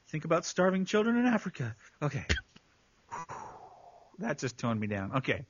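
A man's voice: a little high, sing-song, normal speed, noisy background. A man co-hosting a casual podcast, reading listener posts aloud and breaking into helpless laughter again and again. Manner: giggly, keeps breaking into laughter while reading. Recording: dull lo-fi sound.

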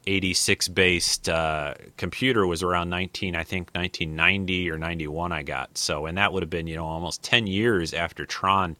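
Deep, bright-toned podcast host in his 50s. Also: fairly even intonation, moderate pace, few pauses, no room sound. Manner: rambling, many fillers and restarts, thinks aloud. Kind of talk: casual podcast chat.

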